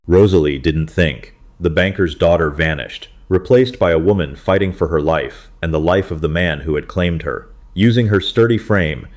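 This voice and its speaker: Deep-voiced male story narrator. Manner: steady, dramatic storytelling.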